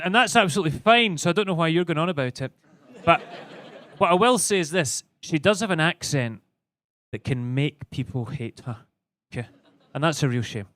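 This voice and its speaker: A man's voice: on the high side, a bit bright. A young Scottish man performing a rambling stand-up set on a comedy club stage, often stammering and restarting. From Scotland.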